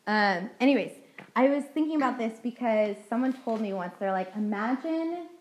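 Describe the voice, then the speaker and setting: A woman's voice: fairly high pitch, fairly quick, rough recording. Earnest young woman sharing her testimony. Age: young adult. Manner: earnest, heartfelt, frequent "like" and "um" fillers. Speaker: student speaker at a youth ministry meeting. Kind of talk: personal testimony talk.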